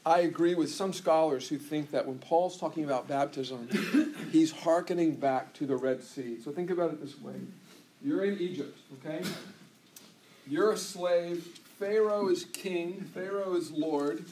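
Conversational pastor, slightly high voice. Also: male voice, unhurried, mellow, a little hiss or hum. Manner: conversational, with frequent restarts and asides. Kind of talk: sermon.

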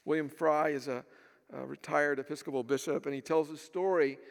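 A man preaching a sermon with a high, gravelly voice. He tells stories, acts out the voices of the people he quotes, and asks rhetorical questions. His words ring out in a hall with a long echo. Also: steady tone, brisk. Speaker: pastor.

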